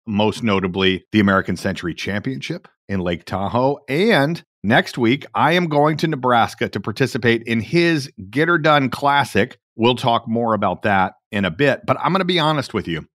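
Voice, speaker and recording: A man hosting a podcast, reading his show introduction in a lively, animated way. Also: medium pitch, moderate pace, hardly any pauses, dry recording, clean studio sound. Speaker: podcast host. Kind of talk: scripted ad read and show intro.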